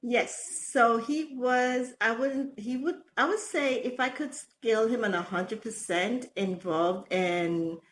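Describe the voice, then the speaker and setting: A middle-aged woman, a podcast guest, telling stories about motherhood in a lively way, laughing often and acting out quotes. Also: on the high side, slow pace, hardly any pauses. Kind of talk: casual storytelling interview.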